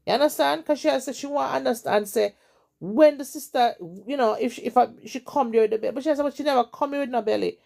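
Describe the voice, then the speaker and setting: Jamaican woman host with a gravelly voice, retelling gossip with emphatic, repetitive drama. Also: high-pitched, quick pace, warm tone. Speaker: storytelling host. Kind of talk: retelling a story in casual chat.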